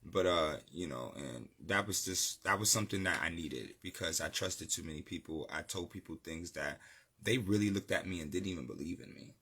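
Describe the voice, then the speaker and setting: A man's voice: sits low, fairly quick, bright, forceful tone, breathy edge. A man from New City, a music producer chatting casually as an interview guest, laid-back and slangy with lots of fillers. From New York City.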